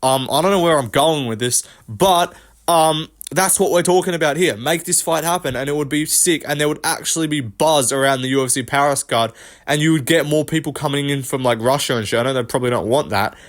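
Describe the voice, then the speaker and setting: A young man tears through fight picks in a rapid, profane, slang-heavy rant. His voice sits a touch high for a man, and he speeds up and slows down as he pushes his points. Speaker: host. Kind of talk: MMA commentary rant.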